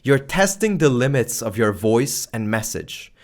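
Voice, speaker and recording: A man teaching video creators in a loud, playful, deliberately exaggerated way, speaking close to a microphone. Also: mid-range voice. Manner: animated and casual, slangy, exaggerated excitement. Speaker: YouTube creator teaching strategy. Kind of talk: energetic talking-head lesson. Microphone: close microphone facing camera.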